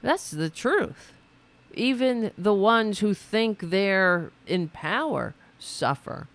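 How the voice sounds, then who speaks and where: Indignant, sarcastic woman host, very animated pitch. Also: takes it slowly. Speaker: political commentary host. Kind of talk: livestream commentary reacting to clips.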